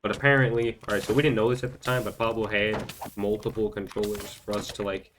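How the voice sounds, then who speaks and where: A man's voice: fairly low pitch, level tone, quick pace, fairly bright tone, a little hiss or hum. A young man telling a rambling story during gameplay commentary, full of fillers and stumbling repeats. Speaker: gaming channel host.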